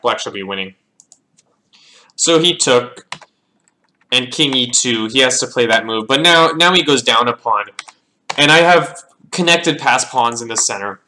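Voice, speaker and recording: A man talks through his own chess games in a casual analysis, calling out moves as he thinks aloud and frequently repeating himself. He has a mid-range voice, and background noise can be heard.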